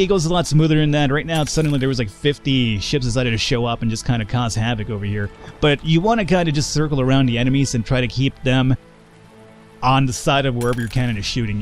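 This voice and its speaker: Excitable, profane gaming commentator. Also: male voice, a little high. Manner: excitable, profane, jokey, laughs often. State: tipsy, slurring a little. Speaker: gaming channel host. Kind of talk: let's play commentary.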